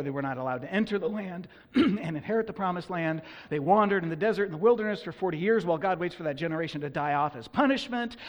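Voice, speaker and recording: Male pastor, animated sermon delivery, slightly high voice, long reverb of a big hall. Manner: animated, acts out quoted complaints.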